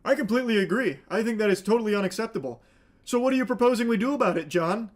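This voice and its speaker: Man, host, sardonic clip commentary, profane rants, high voice. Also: racing.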